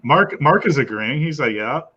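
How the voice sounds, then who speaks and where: A man from Canada hosting a casual live chat, playful and quick to laugh. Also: medium pitch, over a noisy crowd. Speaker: host. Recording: dull lo-fi sound.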